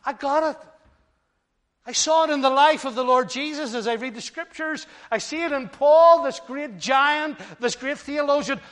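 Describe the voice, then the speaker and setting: Man, 60s, pastor, sermon, emphatic, loud-to-hushed swings, long hall echo. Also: very high voice, moderate pace. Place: church hall.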